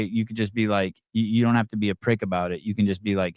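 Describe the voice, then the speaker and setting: A man's voice: on the low side, fairly even intonation, fast talker, few pauses, darkish tone, no room sound, clean studio sound. A man hosting a live call-in podcast, rambling in a sarcastic, profane way. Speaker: podcast host.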